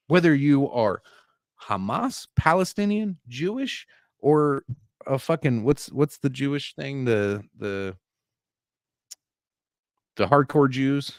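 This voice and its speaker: A man's voice: medium pitch, takes it slowly, pauses often, dry recording, clean studio sound. A man co-hosting a casual podcast, ranting with lots of swearing. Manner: profane, animated ranting. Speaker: podcast co-host.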